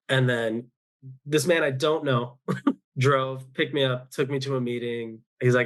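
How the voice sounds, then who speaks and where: A man's voice: mid-range voice, fairly even intonation, unhurried, fairly bright tone. A man, a podcast guest, talking candidly about his own life in a rambling way, with frequent restarts and quoted thoughts, recorded at home. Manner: open, rambling, with many restarts and self-quotes. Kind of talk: candid personal storytelling.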